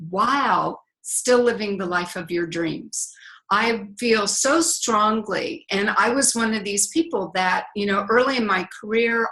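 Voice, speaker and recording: A woman's voice: medium pitch, fairly bright tone, poor audio. A middle-aged woman, a relationship coach, talking as a podcast guest in a reflective way with some fillers. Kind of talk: podcast interview.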